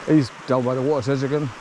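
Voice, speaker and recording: A man's voice: on the high side, normal speed, darkish tone, slight background noise, rough recording. A tired man giving a blunt, swearing walking commentary outdoors on an overgrown rural path while calling to his dog. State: tired from wading through bracken. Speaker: vlogger.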